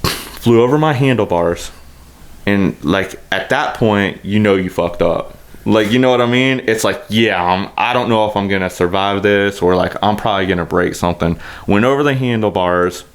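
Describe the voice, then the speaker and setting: Low-voiced man telling a rowdy story. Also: moderate pace, smooth. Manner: animated, profanity-heavy, rambling storyteller. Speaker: podcast co-host. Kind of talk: casual storytelling chat.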